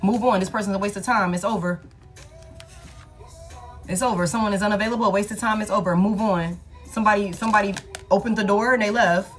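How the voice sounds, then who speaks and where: A woman gives a casual tarot reading in a slangy, emphatic manner, repeating points and swearing freely. Her pitch is mid-range for a woman. Soft music runs faintly underneath. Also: steady tone, quick pace, pauses often. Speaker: tarot reader.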